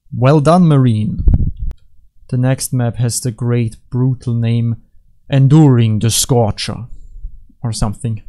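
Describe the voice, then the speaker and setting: A young man talks through custom game levels in a loose, rambling way, cracking jokes and restarting his sentences. His voice sits at an average pitch with a dark, mellow tone. He drifts between comments, half-finished thoughts and playful asides. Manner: rambling, jokey, self-correcting, puts on silly voices. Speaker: gaming YouTuber. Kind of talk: casual gameplay commentary.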